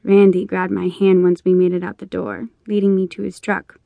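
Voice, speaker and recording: Low gravelly woman audiobook narrator. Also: level tone, no room sound, narrow, tinny audio. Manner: measured first-person storytelling. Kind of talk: first-person romance narration.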